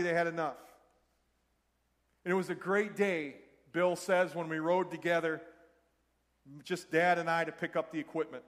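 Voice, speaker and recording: A man's voice: high voice, fairly bright tone, in a large hall. A man preaching a sermon, telling a story and speaking earnestly and directly to his congregation. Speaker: pastor.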